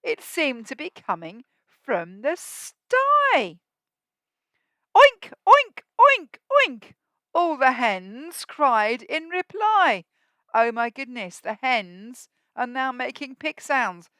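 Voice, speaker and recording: A woman teacher reading a rhyming picture book to young children at a school assembly, expressive and asking them questions so they join in. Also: a little high, slow pace, no room sound. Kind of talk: storybook read-aloud for young children.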